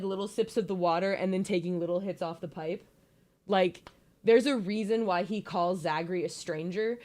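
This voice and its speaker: A woman's voice: fairly low pitch, darkish tone. A young woman giving a casual, joking slideshow presentation, playful and giggly with lots of ums.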